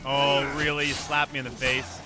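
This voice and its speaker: A man with a medium-pitched, flat voice talks at a moderate pace over game music. He is doing let's play commentary on his own playthrough, joking casually and talking back to the characters on screen.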